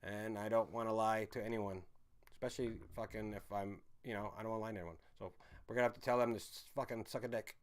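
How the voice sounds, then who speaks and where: A man hosting a live stream, ranting angrily and profanely while reading the chat, swinging from loud outbursts to low muttering. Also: fairly even intonation, fast. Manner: angry, swearing, swings from shouting to muttering.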